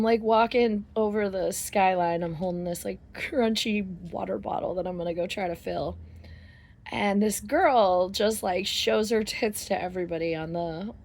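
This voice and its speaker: A middle-aged woman talks straight to her viewers in a loose, rambling monologue. She laughs often and swears casually, and her voice sits at an ordinary pitch for a woman. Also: darkish tone. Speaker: vlogger.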